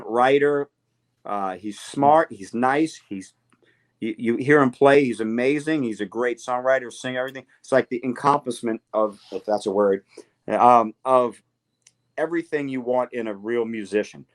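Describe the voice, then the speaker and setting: A man guest telling a lively story in a casual interview, acting out quoted lines. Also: medium pitch, normal speed. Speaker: guitarist guest.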